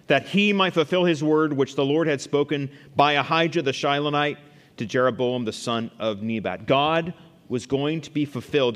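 A man's voice: medium pitch, in a large hall. A man preaching a sermon, reading scripture aloud and then explaining it verse by verse.

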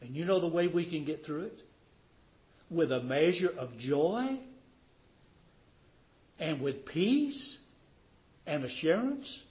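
A man preaching a sermon to a small congregation, swelling to loud emphasis on key phrases and drawing words out. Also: fairly high pitch, lively intonation, slow pace, long pauses. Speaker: pastor.

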